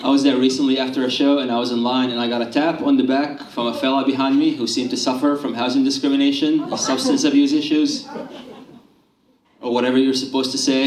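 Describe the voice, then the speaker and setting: A man from Syria doing a stand-up set on a club stage, deadpan and self-mocking, with a handheld mic. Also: mid-range voice, a little fast, noisy background. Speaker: stand-up comedian. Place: comedy club stage with a live audience. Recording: echoey room, heard from a distance. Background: loud audience laughter.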